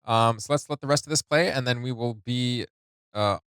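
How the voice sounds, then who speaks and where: A man hosting a music reaction video, reading lyrics and annotations aloud in a casual, halting way with many fillers. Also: medium pitch, a bit bright, clear, resonant tone, dry recording.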